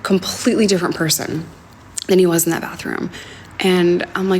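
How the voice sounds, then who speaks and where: A young woman telling a personal story on a livestream from home, talking in a halting, hesitant way with many fillers and sometimes dropping to a near whisper. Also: fairly low pitch, level tone, a little hiss or hum. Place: home, indoors. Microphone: phone livestream.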